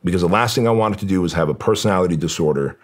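A man's voice: low-pitched, very fast. A man from Armenia, a guest in an interview, telling a personal story in an earnest, emotional way and quoting his own thoughts aloud.

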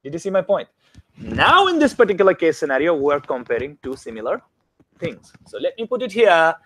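A man teaching a classroom grammar lesson, often stopping to ask the students whether it is clear. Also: fairly high pitch, very animated, fairly quick, a bit bright. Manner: keeps checking understanding with questions.

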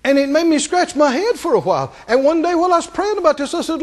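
A male pastor preaching a sermon to a congregation, asking them questions and climbing to high, emphatic peaks. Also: animated, fast, hardly any pauses.

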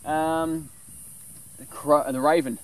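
A man's voice: on the high side, takes it slowly, no echo. Rambling man talking bushcraft. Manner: rambling, relaxed, full of fillers. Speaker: bushcraft vlogger. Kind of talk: casual explanation with animal call demos.

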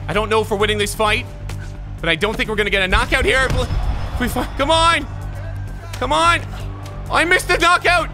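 A young man commenting on his own gameplay, excitable and joking, tired from a long session. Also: very high-pitched, normal speed, pauses often. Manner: excitable, yelling at the game, crude jokes. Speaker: gaming YouTuber. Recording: loud game music behind.

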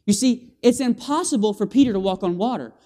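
High-pitched guy preaching in a church, super animated, asks for amens, does boom sounds. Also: fairly quick. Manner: animated, with call-and-response and vocal sound effects. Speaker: guest preacher. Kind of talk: lively evangelistic sermon. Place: church sanctuary.

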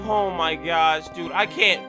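A young man hosting a game role-play, talking in an excitable, slangy way with loud reactions. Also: a little high, takes it slowly. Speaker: gaming channel host. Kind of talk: Minecraft role-play commentary. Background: background music.

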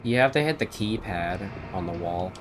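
A man with a fairly low voice chats through a horror game as he plays, cursing freely and puzzling things out aloud. Faint noise sits under his voice. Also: lively intonation, moderate pace. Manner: casual, swears often, thinks aloud. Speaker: streamer playing a horror game. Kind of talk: casual let's-play commentary.

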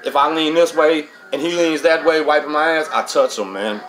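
A man's voice: fairly high pitch, moderate pace, a bit bright, rough recording. A middle-aged man hosts a casual storytelling monologue, streetwise and profane, dropping "man" into nearly every line. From Texas. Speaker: host.

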